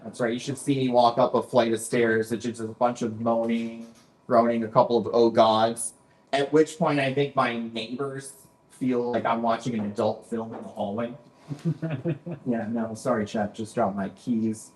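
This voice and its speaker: Deadpan man in his forties on stage. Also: medium pitch, moderate pace. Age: 40s. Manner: deadpan, with a repeated "that's right". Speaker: stand-up comedian. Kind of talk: stand-up set. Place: basement comedy club. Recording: echoey club room.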